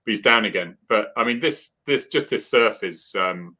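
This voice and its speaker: A man chatting over a video call with an old friend. His voice is bright and sharp, and it rises and falls a lot as he teases and tells stories. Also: on the low side, moderate pace. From Cornwall, England. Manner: lively, teasing banter. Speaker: co-host. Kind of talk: casual chat.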